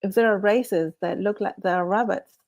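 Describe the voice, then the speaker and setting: A woman's medium-pitched, darkish voice stays steady at a moderate pace as she hosts a relaxed live stream. She reads the chat and jokes around, breaking into laughter again and again.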